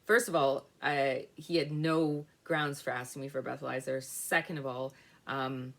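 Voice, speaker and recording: Woman, low voice, storytime vlog, rambling and emotional. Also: level tone, normal speed, creaky. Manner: rambling and emotional, many fillers and restarts. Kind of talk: personal storytime monologue.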